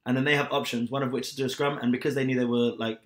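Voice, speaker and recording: A man's voice: medium pitch, steady tone, very fast. Young male co-host, loose rambling chat delivery, filler-heavy. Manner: chatty, rambling retelling with many fillers. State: sore back, hungover. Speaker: podcast co-host. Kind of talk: casual chat.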